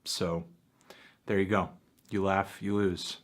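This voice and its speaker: A man doing a jokey try-not-to-laugh challenge commentary, excitable, breaking into yelps and shouted laughs. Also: low voice, takes it slowly. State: in pain from a self-inflicted penalty. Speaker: YouTuber.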